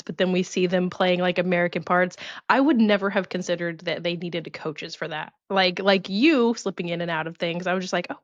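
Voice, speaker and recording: A woman's voice: on the low side, dry recording, dull audio. A woman co-hosting a podcast, chatting casually and enthusiastically with her guest. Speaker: podcast co-host. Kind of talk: casual chat.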